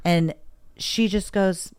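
A woman's voice: mid-range voice, steady tone, takes it slowly, a little mellow, clear, resonant tone. A woman candidly recounting a hard personal experience in conversation, emotional and quoting herself and others as she talks.

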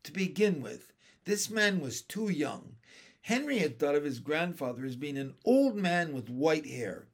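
A man reads a children's chapter book aloud in a slow, unhurried way. His pitch moves a lot and sits a little high for a man, keeping the telling lively. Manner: slow, expressive reading. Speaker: narrator. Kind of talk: children's storybook reading.

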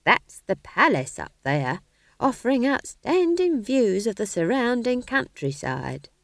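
A woman's voice: a little high, big pitch swings, unhurried, dry recording, voice pushed up. A woman voicing an earthy, cheerful old witch who talks in a blunt, chatty way for an audiobook. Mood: cheeky. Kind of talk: audiobook character voice.

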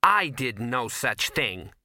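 A man's voice: mid-range voice, sing-song, takes it slowly, sharp tone, dry recording, clean studio sound, exaggerated voice. A man reading aloud and voicing a confused, frightened young woman in an audiobook. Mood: uneasy. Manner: uncertain, small voice.

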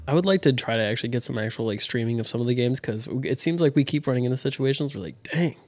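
A man's voice: mid-range voice, fast talker, a little mellow. A man co-hosting a casual podcast chat, laid-back and easy to laugh.

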